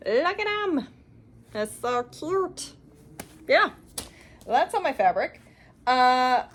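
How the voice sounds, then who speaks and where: A young woman from Canada runs a cross-stitch channel and chats casually, gushing over her shopping finds with lots of fillers and laughs in a show-and-tell style. Her voice is a little high, and there's a little hiss or hum in the recording.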